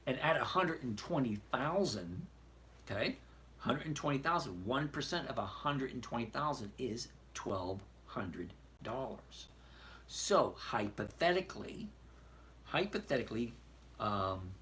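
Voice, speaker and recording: Reading out viewer questions on his live trading stream, this man answers them by bluntly talking through the figures on his screen. The chat is casual, and his mid-range voice is a bit bright, with a slight hiss or hum in the background.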